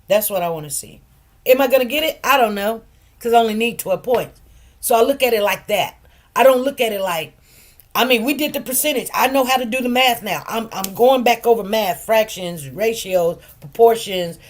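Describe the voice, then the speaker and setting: A middle-aged woman hosting a casual livestream chat. She tells stories with animated, preacherly emphasis and gets quiet and soft when things turn serious. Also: on the high side. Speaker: livestream host.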